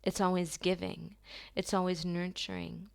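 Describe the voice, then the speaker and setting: Woman, tarot reader, slow soothing delivery, lowish voice, smooth with vocal fry. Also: level tone. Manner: soft, slow and affirming, with drawn-out pauses. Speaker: medium giving a tarot reading. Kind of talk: channeled tarot reading to camera.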